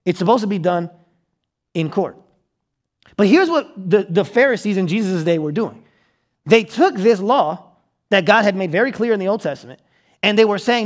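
High-voiced conversational male pastor preaching. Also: expressive, moderate pace, pauses often. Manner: conversational, checks in with the audience; acts out quotes with sudden loud outbursts. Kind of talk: sermon.

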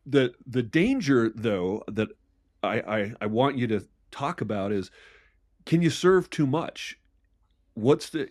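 A man hosting an interview, talking in a halting way and repeating words as he thinks. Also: mid-range voice, lively intonation, darkish tone, no room sound, clean studio sound. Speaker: podcast host. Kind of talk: conversational interview.

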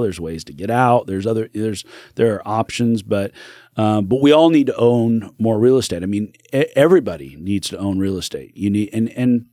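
A low-pitched man speaks as a podcast guest, earnest and rambling, often restarting his sentences and acting out what others said. The sound is dry and close, with no room around it. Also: a little mellow, no room sound. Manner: earnest, rambling with restarts, acts out quoted voices. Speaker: podcast guest, real estate broker. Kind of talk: casual interview talk.

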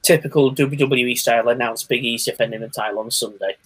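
A man's voice: medium pitch, fairly even intonation, fast, a bit bright, rough recording. A man co-hosting a casual wrestling talk show, laughing often and steering the discussion. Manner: laughs often, leads the segments. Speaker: podcast co-host.

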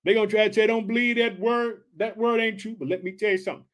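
A man preaching an energetic Bible study sermon, reading scripture aloud and commenting, fired up and calling his listeners family. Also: high voice, fast talker.

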